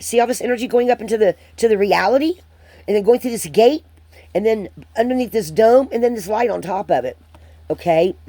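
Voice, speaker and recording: Mellow warm-voiced woman doing a card reading for viewers, lots of ums, dry close mic. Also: a little high, no echo. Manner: hesitant, rambling, many ums and restarts. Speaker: spiritual card reader.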